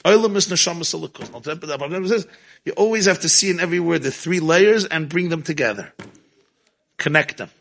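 A man teaching a Torah class, telling stories in a lively way and mixing in Hebrew and Yiddish terms. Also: a little high, a little fast, gravelly.

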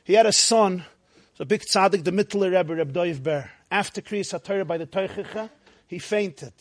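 A man. He acts out the dialogue himself and swings into sudden loud outbursts. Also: sits high, normal speed. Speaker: rabbi. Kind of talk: sermon.

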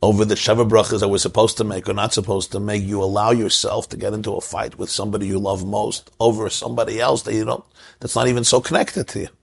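Quick-paced and flat in delivery, a Jewish religious teacher tells a joke as a story within his sermon and draws a lesson from it, rising to emphasis. His lowish voice is gravelly and breathy.

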